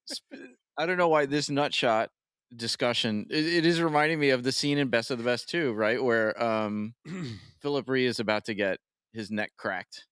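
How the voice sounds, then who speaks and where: A man's voice: mid-range voice, moderate pace, fairly bright tone, smooth, dry recording, studio quality. A man co-hosting a podcast, chatting casually and laughing often. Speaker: co-host.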